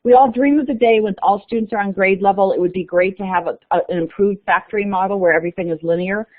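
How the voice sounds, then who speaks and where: A woman's voice: mid-range voice, fast talker. A woman presenting on a webinar as lead author, chatty and loose with fillers. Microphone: conference call line. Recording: tinny phone-line audio.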